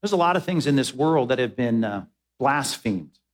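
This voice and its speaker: A man's voice: mid-range voice, expressive, moderate pace. A man preaching a sermon as pastor, emphatic, repeating words as he presses his points.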